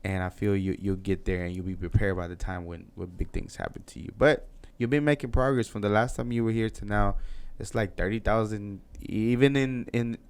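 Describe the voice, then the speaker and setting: Podcast host, male, smooth resonant voice, loose rambling casual chat, encouraging. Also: fairly low pitch, brisk, a little mellow. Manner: rambling, encouraging, restarts often.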